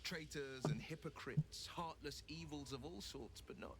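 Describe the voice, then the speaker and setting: Brief: proud young warlock hero, formal and steady, game dialogue with hiss. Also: male voice, on the high side, a little slow. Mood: bitter.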